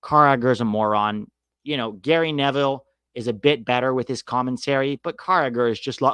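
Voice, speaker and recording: A man's voice: medium pitch, brisk, a bit bright, clear, resonant tone, no echo, lo-fi sound. A man hosting a casual soccer podcast, talking bluntly and sarcastically, swearing freely as he answers viewers. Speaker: soccer podcast host reading live chat. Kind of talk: casual opinionated chat.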